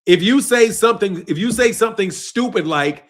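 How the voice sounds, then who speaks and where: A man's voice: high voice, animated, moderate pace, few pauses. A young man hosting a boxing live stream, laughing and swearing as he argues with viewers' comments. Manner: exasperated, profane, laughing, arguing with commenters. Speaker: boxing channel host.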